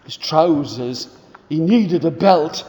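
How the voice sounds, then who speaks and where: A man telling stories to schoolchildren, animated, and inviting the children to join in the actions. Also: a little high, slow pace, in a large hall. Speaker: storyteller. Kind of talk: storytelling to schoolchildren. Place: school hall.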